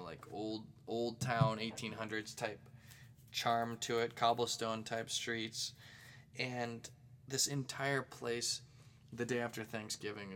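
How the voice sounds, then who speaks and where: A man from the St. Louis area hosting his own podcast alone, rambling excitedly with jokey asides. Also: mid-range voice, slight background noise. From St. Louis area, Missouri. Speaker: podcast host. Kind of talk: casual solo podcast monologue.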